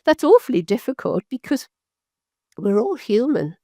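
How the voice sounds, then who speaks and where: An older British physician telling stories in an interview, rambling and halting with frequent restarts. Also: female voice, on the high side, very animated, dark tone, no echo, clean studio sound. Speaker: physician guest. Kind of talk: storytelling interview.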